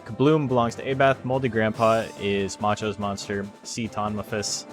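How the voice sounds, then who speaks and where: A man's voice: lowish voice, fairly even intonation, normal speed. A man hosting a live stream of a game tournament. He rambles casually, jokes and swears freely between calls of the action. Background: faint background music.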